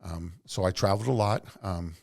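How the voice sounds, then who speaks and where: Deep, gravelly middle-aged man. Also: brisk, a little mellow. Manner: earnest, rambling anecdotes. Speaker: podcast guest, entrepreneur. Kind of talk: casual storytelling interview.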